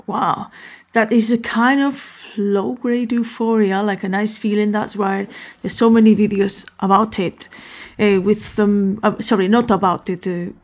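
A woman hosting a casual solo talk, rambling and often correcting herself. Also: medium pitch.

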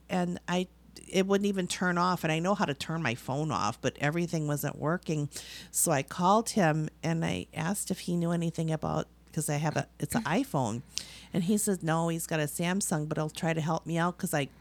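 A woman chatting casually, telling a story in an animated way with frequent laughter. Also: lowish voice. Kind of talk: casual chat.

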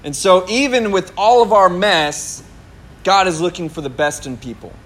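This is a high-voiced male pastor speaking at an ordinary speed during a sermon. He shares a story from his life, chuckling at himself and dramatizing the words he used to say.

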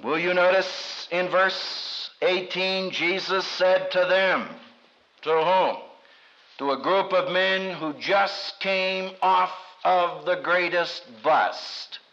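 A man's voice: slow pace, pushed and bright. A man preaching a sermon with dramatic delivery and humorous asides, acting out quoted voices. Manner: dramatic, acts out quoted voices with big pitch swings. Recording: dull lo-fi recording.

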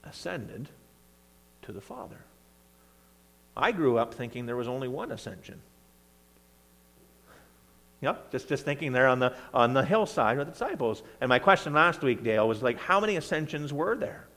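Animated preacher in a reverberant church. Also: male voice, mid-range voice, normal speed, long pauses. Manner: conversational, animated reading of scripture with bursts of emphasis. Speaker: pastor. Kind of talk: sermon. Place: church sanctuary.

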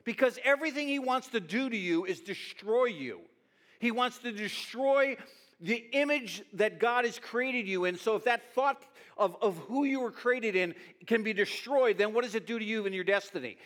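High-voiced man preaching a sermon. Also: normal speed. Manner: animated preaching with repeated restarts. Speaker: pastor.

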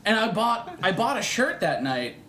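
A young man with a fairly high voice tells a rowdy, profane story on a podcast. He acts out every voice in it. The room is echoey. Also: sing-song, normal speed, bright, forceful tone, a little hiss or hum. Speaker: podcast co-host. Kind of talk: casual storytelling chat.

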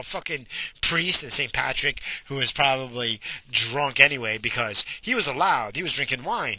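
A man ranting sarcastically in a parked car, swearing and animated. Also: medium pitch, moderate pace, husky, no room sound. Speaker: vlogger. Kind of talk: profane ranting monologue. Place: pulled over in a car.

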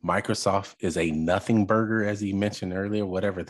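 A man hosting a podcast, reacting to a video in casual commentary, exasperated and halting with fillers. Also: low voice, steady tone.

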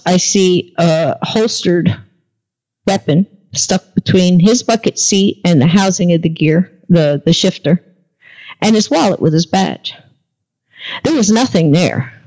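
A woman's voice: on the low side, darkish tone. A woman guest on a podcast, telling a story in a casual interview and acting out the dialogue as she goes. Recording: dull lo-fi recording.

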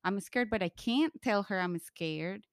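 A woman from Colombia telling a candid personal story in conversation, lively when she quotes others. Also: medium pitch, a little slow, clear, resonant tone, dry recording, clean studio sound.

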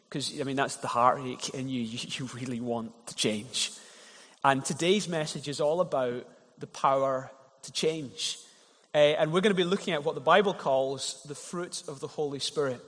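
A man's voice: mid-range voice, normal speed, fairly bright tone. A man preaching a sermon as pastor, telling stories in a conversational way and often repeating words as he starts a thought. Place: church hall. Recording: long reverb of a church hall.

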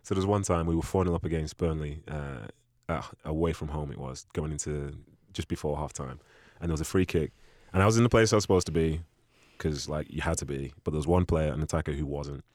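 A young man with a deep voice, telling stories about his football days in a relaxed, chatty way on a podcast mic. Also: fast, few pauses, dry recording, studio quality. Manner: relaxed anecdotal, often quoting with a low voice. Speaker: former footballer guest. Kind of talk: casual storytelling chat.

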